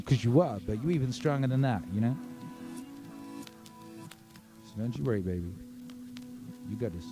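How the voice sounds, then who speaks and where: A man hosting a music livestream, chatting casually and reading viewer comments aloud, hyped and profane, swinging between shouted shout-outs and low murmurs.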